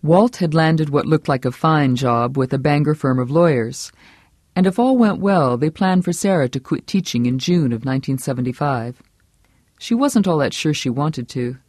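An audiobook narrator reading a novel with steady, measured storytelling. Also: medium pitch, no echo, clean studio sound. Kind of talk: scripted narration.

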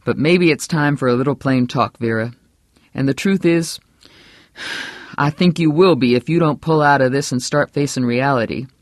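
A man's voice: medium pitch, moderate pace, no echo, studio quality, natural voice. A reader voicing a blunt, angry husband in his fifties who roars and turns grimly sarcastic. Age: 50s. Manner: gruff, roaring, sarcastic. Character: angry, blunt middle-aged husband with a cane.

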